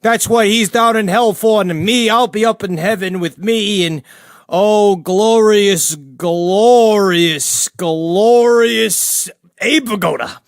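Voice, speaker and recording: A rambling jailed older killer, as a man puts him on, nattering about heaven and gossip. His voice sits high for a man and swings into sudden outbursts. The sound is dry and close, with no room in it. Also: takes it slowly, no echo. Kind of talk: comedic character monologue.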